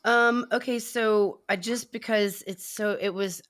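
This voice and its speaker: A woman's voice: medium pitch, steady tone, fairly bright tone, no echo, clean studio sound. Woman cohost rambling thru a movie scene, lots of restarts, middle voice. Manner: rambling, halting retelling of scenes. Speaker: podcast co-host. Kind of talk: casual chat.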